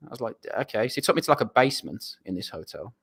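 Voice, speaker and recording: A man's voice: medium pitch, sing-song, very fast, vocal fry, fairly bright tone, slightly rough. A young English man, a footballer guest, telling a long rambling anecdote in a casual, self-deprecating way. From England. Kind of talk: casual storytelling.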